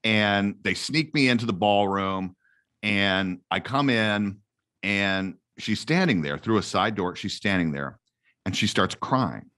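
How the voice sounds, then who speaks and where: A man talking as a guest on an interview show, telling stories in a lively, self-correcting way. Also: unhurried. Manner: animated storyteller, self-correcting, jumps to a high voice. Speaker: guest actor promoting a book. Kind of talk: casual interview chat.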